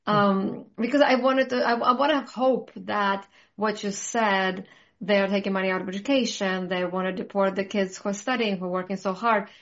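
A woman's voice: medium pitch, steady tone, normal speed. A woman hosting a casual talk, ranting passionately with strong conviction. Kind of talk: casual conversation. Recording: muffled lo-fi audio.

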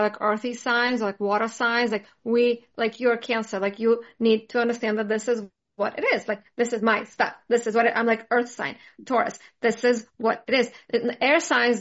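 Woman, casual chat, rambling, lots of fillers, slightly dull recording. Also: on the high side. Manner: rambling, filler-heavy, animated.

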